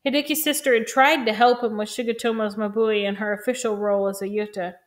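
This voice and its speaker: A woman reading a novel aloud in a calm, even, measured way. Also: on the high side. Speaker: reader.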